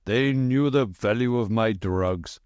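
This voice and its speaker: A man's voice: on the low side, slow, darkish tone, no echo. A man doing a pompous, heavy-voiced quack doctor. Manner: pompous, long-winded. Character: boastful middle-aged male quack doctor, thick heavy voice. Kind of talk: audiobook character voice.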